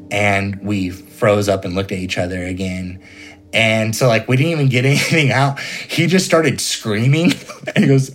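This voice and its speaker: A young man telling a personal ghost story in an interview, rambling casually with lots of fillers. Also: on the low side. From California.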